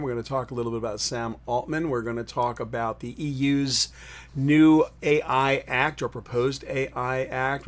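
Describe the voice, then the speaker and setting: Male host for a live web show, loose and chatty, greets viewers, average pitch. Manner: rambling, greets viewers in chat. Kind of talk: upbeat live-stream chat. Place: in New York City.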